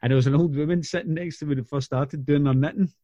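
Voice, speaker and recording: A man's voice: fairly high pitch, fairly even intonation, racing, warm tone, dry recording, lo-fi sound. A Scottish man chatting casually, enthusiastic and sweary. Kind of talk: casual chat.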